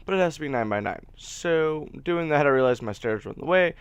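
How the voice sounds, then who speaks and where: A man's voice: a little high, lively intonation, fast, clear, resonant tone, no echo. A man giving casual, chatty commentary over his own gameplay as host, rambling a little and poking fun at himself. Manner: chatty, rambling, self-deprecating. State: hiccups. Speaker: let's play host.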